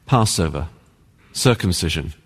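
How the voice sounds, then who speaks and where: A man with an English accent preaches with an earnest, emphatic delivery. His voice sits fairly low and swings widely up and down, and it trails a long reverb from the church hall. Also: expressive, unhurried, slightly rough. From England. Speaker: pastor. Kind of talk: sermon. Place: church sanctuary.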